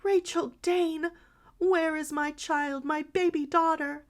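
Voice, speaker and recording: A woman doing a frantic, high-voiced grieving mother. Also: steady tone, slow. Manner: wild, sobbing, high-pitched cries. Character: grief-stricken mother searching for her stolen child.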